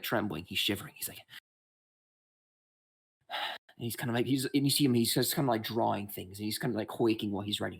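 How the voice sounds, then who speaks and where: A man narrating as game master in a rambling, halting way with many restarts. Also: on the low side, creaky, fairly bright tone.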